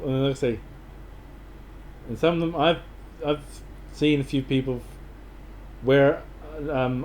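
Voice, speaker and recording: A man's voice: medium pitch, a little mellow, a little hiss or hum. An Australian man giving casual travel advice to camera, rambling and enthusiastic, with lots of fillers and restarts.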